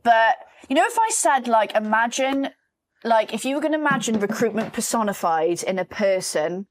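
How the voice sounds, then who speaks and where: A woman, casually telling workplace stories as a podcast co-host and mimicking a colleague in a low mocking voice. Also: big pitch swings, moderate pace. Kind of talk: casual storytelling chat.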